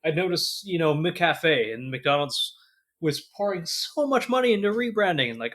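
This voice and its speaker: A man's voice: fairly high pitch, lively intonation, moderate pace. A man with a Canadian accent, co-hosting a podcast in casual, sweary chat. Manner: casual, sweary, trails off quietly. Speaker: podcast co-host.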